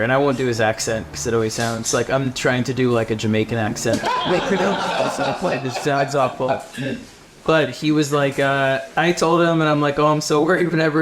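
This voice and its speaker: A man speaking as a comic book writer on a live panel, animated and rambling, laughing between thoughts. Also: medium pitch. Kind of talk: casual live panel talk. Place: live event before an audience.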